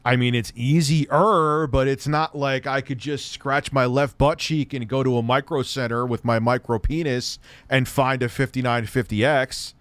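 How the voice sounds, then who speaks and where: Man, reaction commentary, sarcastic and profane, mid-pitched voice, dry close sound. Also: fairly even intonation, moderate pace, hardly any pauses, a bit bright, clean tone, no room sound. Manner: profane, sarcastic, mutters asides. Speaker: host reacting to a video.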